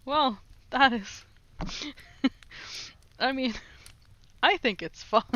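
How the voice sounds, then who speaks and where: A woman's voice: high-pitched, drawn-out words, a bit bright, dull audio. A woman streaming herself practicing on a language app, native Norwegian speaker, giggling often and joking with her chat. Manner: giggly, self-mocking, chats with viewers. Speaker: livestreamer. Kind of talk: casual livestream chat while playing a language app.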